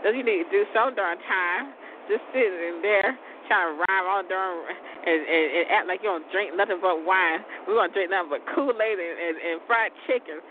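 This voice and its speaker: A man hosting his own show in a loose, rambling chat, laughing often and cursing mildly. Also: normal speed. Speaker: show host. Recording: tinny phone-like audio with vehicle rumble.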